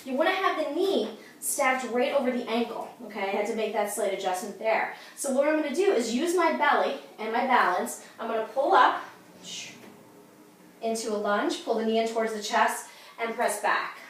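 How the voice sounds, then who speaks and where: A woman's voice: fairly high pitch, lively intonation, normal speed, a little hiss or hum. A woman fitness instructor at home demonstrating exercises, upbeat and coaching, out of breath. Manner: upbeat, coaching, says "okay?" and "you guys" often. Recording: echoey room from far off.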